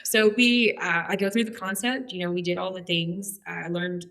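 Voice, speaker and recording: A woman's voice: fairly low pitch, fairly even intonation, normal speed, fairly bright tone. A woman in her forties telling her life story as a guest, chatty and humorous with lots of fillers. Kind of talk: candid personal storytelling.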